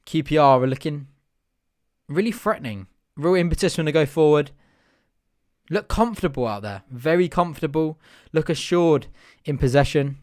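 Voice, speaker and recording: Excitable young male fan commentator. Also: fairly high pitch, normal speed, dry recording, clean studio sound. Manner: chatty, partisan, bursts into excited shouting at chances. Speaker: fan watch-along host.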